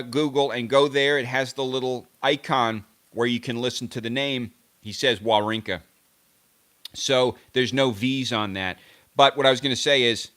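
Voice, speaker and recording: A man's voice: medium pitch, a bit bright. A man hosting a tennis live stream, chatting casually to his viewers in a rambling, self-correcting way as he muses aloud. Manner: rambling, self-correcting, musing aloud over name pronunciations.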